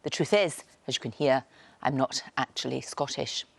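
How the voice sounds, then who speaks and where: A woman's voice: a bass voice, moderate pace, gravelly, dry recording, heavily acted. A woman playing a morning TV presenter confessing in a comic video message. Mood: mock-confessional. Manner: mock-confessional, theatrical.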